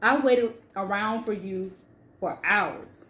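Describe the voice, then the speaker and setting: A man's voice: high-pitched, slow, bright, forceful tone, full character voice. A woman reading the lines of an agitated young man who scolds his fiancée for coming home late, in an echoey room. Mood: annoyed. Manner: upset, scolding.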